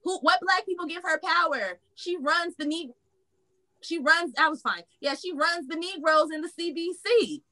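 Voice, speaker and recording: On her political reaction stream, this woman speaks at a normal pace in a very high, sharp voice. Her casual commentary is profane and blunt, and she grows heated before calming herself down.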